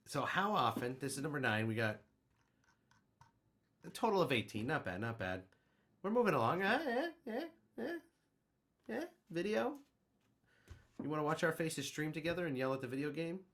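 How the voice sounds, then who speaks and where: A man's voice: moderate pace, long pauses. A young man co-hosting a casual podcast, rambling through joking stories and quiz questions. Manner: rambling, joking storyteller with lively swings in pitch. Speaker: podcast co-host. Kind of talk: casual chat.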